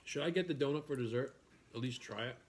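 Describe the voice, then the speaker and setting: A relaxed man from New York, a food vlogger, talking casually over a meal. His pitch sits in the ordinary middle, and he muses aloud, often trailing off and starting again. A faint hiss of noise lies underneath. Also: fast. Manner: easygoing, musing, trails off and restarts. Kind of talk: casual chat while eating.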